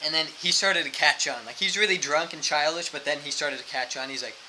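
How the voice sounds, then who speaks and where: A man's voice: on the high side, fairly quick, a little hiss or hum, poor audio. A young man, a missionary, casually telling a story full of fillers and acting out quotes. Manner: animated, fillers like "like" throughout, acts out quotes.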